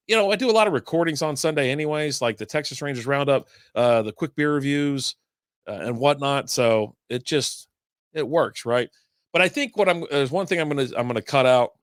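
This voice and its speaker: A man's voice: medium pitch, fairly bright tone, no echo, clean studio sound. Rambling man telling a weekend story. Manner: rambling, storytelling with many asides and fillers. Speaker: podcast host. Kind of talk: casual beer podcast monologue.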